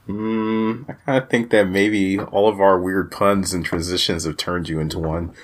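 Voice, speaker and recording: A man's voice: deep voice, fairly even intonation, moderate pace. A man co-hosting an anime podcast, talking in an easygoing, joking, hedging way. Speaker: podcast co-host. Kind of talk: casual chat.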